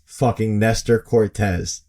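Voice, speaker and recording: A man's voice: fairly low pitch, flat delivery, slow, a little mellow. A man co-hosting a podcast, chatting casually about baseball and acting out players' reactions with bursts of laughter. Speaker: podcast co-host. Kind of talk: casual sports chat.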